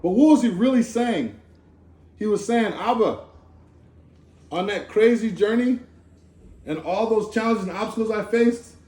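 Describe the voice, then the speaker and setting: Male preacher with a high voice, slangy and conversational, informal sermon at a gathering. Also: a little slow, long pauses. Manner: animated, conversational, slangy with asides. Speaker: speaker giving a Torah talk. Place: Sukkot gathering in a room. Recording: echoey room.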